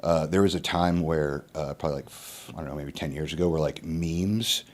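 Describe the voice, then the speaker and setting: Man, 30s, very low voice, podcast guest, rambling, stumbles and restarts. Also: a little fast. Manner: loose, rambling with repeated restarts and profanity. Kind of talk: casual podcast conversation.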